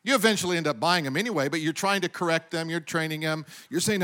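A middle-aged man preaching a sermon as pastor, animated, often asking the congregation questions. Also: a little high, fast talker, hardly any pauses.

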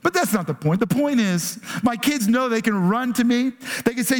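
A man's voice: very high voice, animated, normal speed, hardly any pauses. A man preaching a conversational sermon as pastor, dropping in rhetorical "right?" asides and acting out his children's pleading voices.

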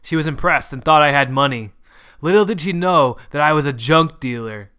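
A man voicing a gruff, hard-drinking old grandfather who hollers defiantly. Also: a little high, moderate pace, sharp tone. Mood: reminiscing. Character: gruff old male grandfather, drunk junk dealer.

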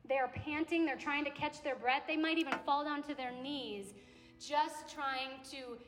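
A young adult woman preaching a sermon to a campus ministry gathering, in a conversational, animated way that acts out little quotes. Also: high voice, normal speed, music in the background. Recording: echoey hall with long reverb.

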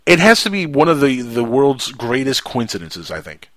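A man's voice: mid-range voice, big pitch swings, moderate pace, a bit bright. A man hosting a casual radio talk show, rambling and jokey. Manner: rambling, jokey storyteller who slips into impressions.

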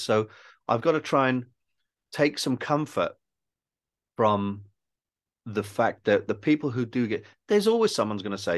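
In a casual interview, a guest film director from Wales speaks in a mid-range, sing-song voice. He rambles, pokes fun at himself, and often halts before restarting.

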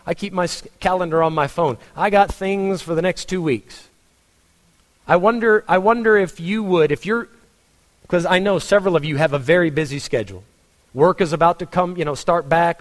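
A man's voice: sits high, in a large hall. A man with a Texan accent preaching a sermon as a pastor, conversational, with frequent restarts and rhetorical questions. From Texas.

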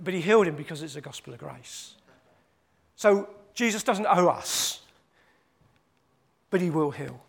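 A man's voice: fairly high pitch, lively intonation, measured pace, gravelly, long pauses, breathy edge. A man preaching a sermon. He repeats his points for emphasis and acts out the quoted voices.

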